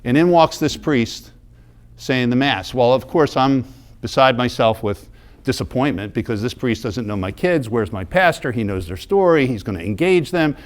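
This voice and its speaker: A man's voice: mid-range voice, animated, moderate pace. A middle-aged American man giving a talk in a church, telling a story in a conversational way, often repeating and restarting words. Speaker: mission group leader giving a parish talk.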